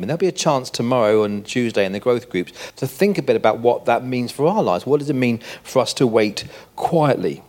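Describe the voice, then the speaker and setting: A man's voice: medium pitch, very animated, normal speed, darkish tone. An older man giving a conversational sermon, full of rhetorical questions to the congregation. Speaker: preacher.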